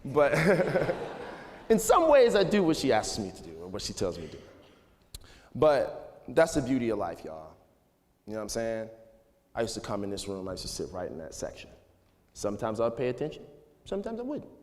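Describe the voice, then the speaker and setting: A man in his thirties addresses an audience in a relaxed, chatty way, padding his sentences with "you know" and "like". His voice sits at an ordinary middle pitch. The sound carries a long reverb from a big hall. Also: moderate pace, pauses often. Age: 30s. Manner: relaxed and conversational, full of "you know" and "like", laughs often. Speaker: speaker giving a talk to students. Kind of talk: casual, candid talk to an audience. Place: large hall.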